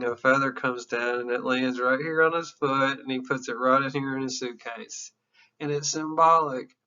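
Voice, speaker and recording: A man's voice: fairly high pitch, sharp tone, muffled recording. A man in his fifties teaching psychology in an informal, candid and emotional classroom lecture, with some profanity. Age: 50s.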